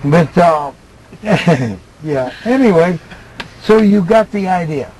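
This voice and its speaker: An older man coaching someone to read scripture aloud, joking and animated as he teaches. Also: high-pitched, slow pace, slight background noise, poor audio. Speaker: teacher of Bible reading aloud. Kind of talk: casual coaching chat.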